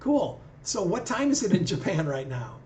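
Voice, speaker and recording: A man's voice: sits high, big pitch swings, moderate pace, darkish tone, a little hiss or hum. A man hosting a live video call with callers, talking in an easygoing, conversational way. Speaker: livestream host. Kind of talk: casual live chat with callers. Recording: echoey room.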